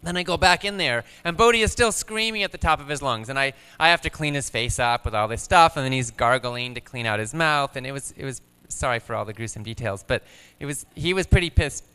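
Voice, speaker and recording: Man in his 30s, calm, gentle, storytelling, smooth resonant voice. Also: mid-range voice, fairly quick, few pauses, long reverb tail. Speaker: guest speaker. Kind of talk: personal storytelling on stage.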